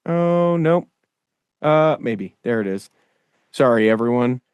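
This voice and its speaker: A man's voice: mid-range voice, animated, takes it slowly, clear, resonant tone, no room sound, lo-fi sound. A man hosting a podcast in casual chat, rambling and thinking aloud with many fillers. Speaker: podcast host.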